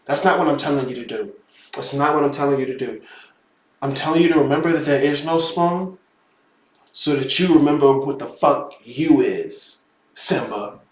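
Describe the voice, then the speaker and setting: A man teaching spirituality in a casual, animated lecture, emphatic and profane, who keeps calling the listener "bro". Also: fairly high pitch, moderate pace. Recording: roomy echo.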